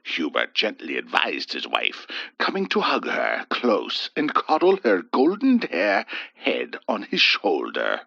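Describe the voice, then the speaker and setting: Slow theatrical horror storyteller man. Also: very deep voice, huge pitch swings, vocal fry, bright, forceful tone, dry recording. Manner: theatrical, swooping delivery. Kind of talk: scripted horror story narration. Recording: dull dry lo-fi voice.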